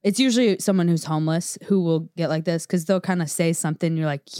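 Female co-host, mid pitch, dry close mic, chatty and laughing. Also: quick pace, hardly any pauses, mellow, dry recording. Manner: chatty, laughs while telling, acts out quotes. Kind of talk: casual storytelling chat.

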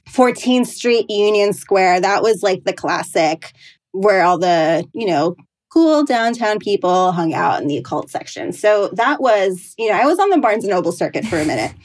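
A woman in her thirties tells stories in a relaxed interview, chatty and loose, scattering "like" and "you know" through her sentences. She has a mid-range voice and speaks as an astrologer guest looking back. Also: mid-range voice, unhurried. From New York City. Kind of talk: casual storytelling interview.

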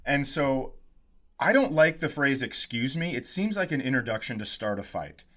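Comedian guy on a podcast telling a travel story, acts out the voices, laughs a lot, mid-pitched. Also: moderate pace. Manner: animated storyteller, acts out quotes, laughs often. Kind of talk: casual storytelling chat.

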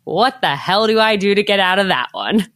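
A woman's voice: mid-range voice, lively intonation, moderate pace, a bit bright, dry recording, clean studio sound. A woman hosting a podcast, chatty and upbeat, with lots of filler "like". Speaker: podcast host. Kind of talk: casual podcast chat.

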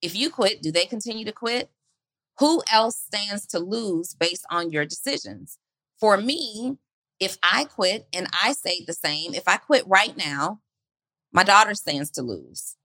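A woman's voice: mid-range voice, animated, a little slow, bright, forceful tone, no echo. A woman on a podcast giving an earnest motivational talk, asking her listeners question after question. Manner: earnest, rhetorical questions, preacherly build.

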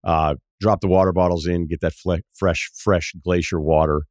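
Low-voiced man telling a travel story. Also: moderate pace, no room sound, studio quality. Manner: animated, acts out quoted dialogue in shifting voices. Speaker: podcast host. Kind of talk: casual storytelling monologue.

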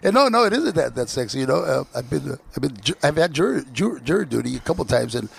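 An American guest with a gravelly, husky mid-range voice tells stories in an interview. His delivery is halting, full of restarts and filler words, and his lively anecdotes include put-on voices for other people.

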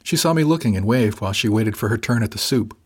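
A man narrating a first-person audiobook in a calm, even storytelling manner. His voice sits low and has a slight husky edge. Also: fast.

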